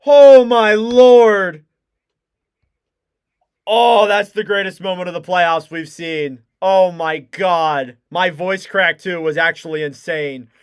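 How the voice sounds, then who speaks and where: A young man doing live play-by-play commentary as a fan streamer, excitable and shouting on big plays. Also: on the high side, measured pace, few pauses, clear, resonant tone.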